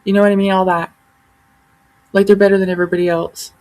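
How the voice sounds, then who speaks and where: A woman's voice: mid-range voice, flat delivery, fast, a little mellow, rough recording. A woman vlogger talking straight to her viewers in a heated, rambling, profane monologue. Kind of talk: casual ranting monologue.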